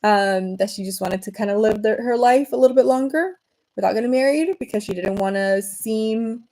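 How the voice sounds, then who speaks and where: Woman, mellow tone, loose rambling livestream chat full of fillers. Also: a little high, moderate pace, rough recording. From Venezuela. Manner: rambling, frequent fillers and restarts. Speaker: livestream host.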